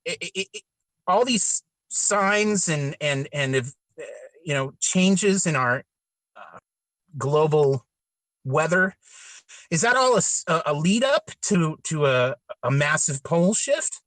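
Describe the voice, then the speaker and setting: A man's voice: fairly high pitch, sing-song, slow pace, fairly bright tone, dry recording, low-quality recording. A man hosting a casual podcast, asking long questions with frequent stumbles and restarts.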